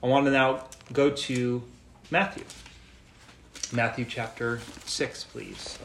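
A man preaching a sermon in a gentle, earnest way, repeating phrases for emphasis. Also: medium pitch, fairly even intonation, slow pace, vocal fry. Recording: echoey room, faint noise.

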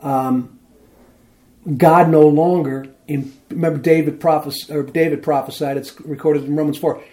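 A man preaching a sermon in a relaxed, conversational way, reading scripture aloud and often asking "see?" to his listeners. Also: fairly high pitch, a little slow. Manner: conversational, asks "see?" and "isn't that something?"; reads scripture aloud with emphasis. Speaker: pastor.

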